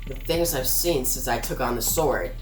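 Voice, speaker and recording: A woman reading the lines of a weary, bitter male chimp detective in a low, plain voice. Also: moderate pace, reverberant, faint music behind. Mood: gloomy.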